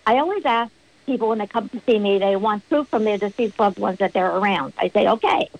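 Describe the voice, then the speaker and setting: A middle-aged woman, a spiritual medium, speaking as a podcast guest and telling stories with lively acted-out quotes. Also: mid-range voice, fairly quick, vocal fry, low-quality recording. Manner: animated storyteller, acts out quotes. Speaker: spiritual medium and card reader.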